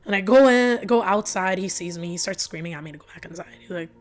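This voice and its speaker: A woman's voice: on the low side, fast, soft background music. A woman guest on a podcast telling a personal story in a casual, filler-heavy way, acting out the back-and-forth of arguments. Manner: emotional retelling that acts out both sides of arguments.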